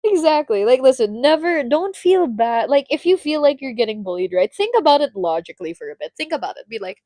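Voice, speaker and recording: A young woman with a Filipino accent chatting with viewers on a live stream, animated and laughing often, slipping between English and Tagalog. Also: high voice, a little fast, hardly any pauses, dry recording, studio quality. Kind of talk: casual chat with viewers.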